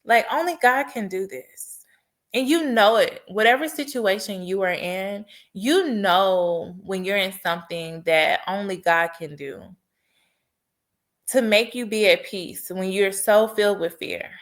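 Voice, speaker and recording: A woman's voice: mid-range voice, unhurried. Earnest woman sharing a heartfelt testimony. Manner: earnest, heartfelt storytelling with faith encouragement. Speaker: podcast host. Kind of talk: personal testimony monologue.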